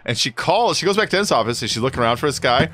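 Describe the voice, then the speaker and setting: A man streams a racing game and chats casually with his viewers, rambling through stories and laughing often. His medium-pitched voice has lively intonation and a sharp tone, and he talks at a racing speed. There's a little hiss or hum on the recording.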